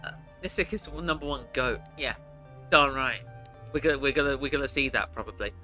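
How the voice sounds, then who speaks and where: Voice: medium pitch, brisk, bright, forceful tone, soft background music. A game streamer chatting and reacting to viewers while playing. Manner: chatty, laughing, reacting to chat. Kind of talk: let's play commentary.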